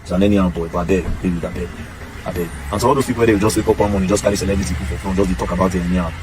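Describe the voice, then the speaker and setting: A man's voice: low-pitched, steady tone, rapid-fire, background noise. A man with a Nigerian Pidgin English accent, talking straight to camera and pleading emphatically in pidgin. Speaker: social media commentator. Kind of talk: casual monologue to camera.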